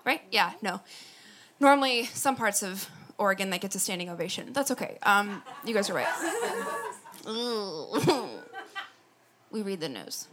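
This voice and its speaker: A woman from Wisconsin doing stand-up and emceeing at a comedy club, self-mocking and animated, on a stage mic. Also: mid-range voice, unhurried, pauses often, noisy background.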